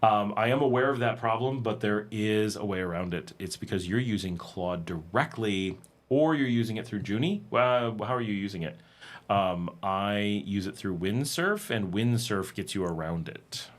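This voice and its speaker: A man hosting a casual livestream, talking in a conversational, animated way and acting out exasperated quotes. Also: on the low side, moderate pace. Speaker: livestream host. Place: home in Nicaragua.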